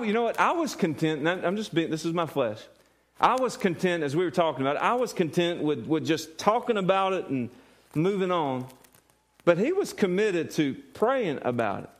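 Earnest man preaching, fairly high voice. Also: big pitch swings, moderate pace. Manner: repeats words and restarts often, earnest; asks the congregation questions. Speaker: pastor. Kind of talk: sermon.

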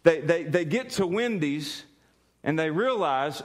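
Man, pastor, sermon, higher-pitched voice, lively storyteller, stumbles and repeats words. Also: a little slow. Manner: animated storyteller, laughs often, repeats words.

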